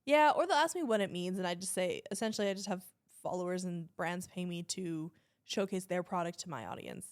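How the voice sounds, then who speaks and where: A woman's voice: on the low side, smooth. Bubbly storytelling woman influencer. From Canada. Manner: bubbly, fast storytelling, laughs often. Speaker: influencer guest. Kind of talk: casual chat.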